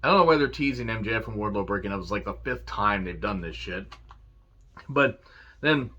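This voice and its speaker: Profane, excited man reviewing wrestling. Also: fairly low pitch, brisk, lo-fi sound. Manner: profane, enthusiastic, laughs and quotes lines. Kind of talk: casual solo review.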